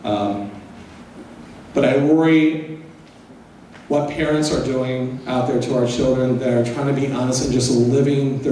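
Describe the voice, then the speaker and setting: A man's voice: medium pitch, warm tone, slight background noise. A middle-aged man giving a personal storytelling lecture, candid and mixing in humor. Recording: echoey hall, voice from far off.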